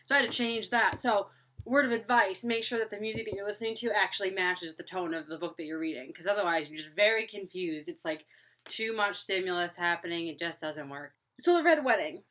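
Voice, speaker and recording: A woman's voice: medium pitch, a little fast, a bit bright. A young woman in a casual book vlog, rambling animatedly and acting out gasps and quoted reactions. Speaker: book vlogger.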